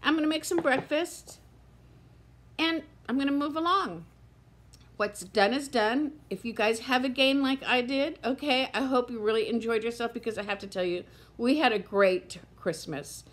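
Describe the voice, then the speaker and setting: A woman's voice: a little high, moderate pace. A woman in her fifties talking candidly to camera in a chatty vlog, tired and close to tears. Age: 50s. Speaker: vlogger. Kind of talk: casual chat to camera.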